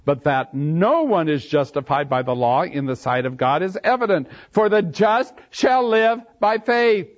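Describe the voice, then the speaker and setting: Lively high-voiced preacher, lo-fi recording. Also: male voice, measured pace, hardly any pauses. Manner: reads scripture aloud then explains it, stresses key phrases. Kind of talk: expository Bible teaching. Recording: dull lo-fi sermon recording.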